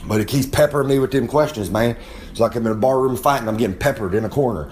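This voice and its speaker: A man's voice: medium pitch, fast talker, a little mellow, slight background noise. A man giving a rambling, in-character wrestling promo, boasting and talking about himself in the third person with many asides. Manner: drawling, rambling storyteller with frequent asides. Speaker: recurring segment guest.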